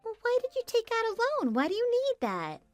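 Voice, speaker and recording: A woman's voice: very high-pitched, wildly swooping pitch, a little fast, dry recording, faint music behind, full character voice. A synthetic female voice reading a worried wife who presses her husband with anxious questions in a text-message story.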